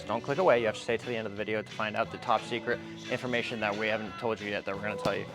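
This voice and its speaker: A young man hosting a mock fitness tutorial in a gym, talking in quick deadpan, mock-serious patter. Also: medium pitch. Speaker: fitness parody host. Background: background music.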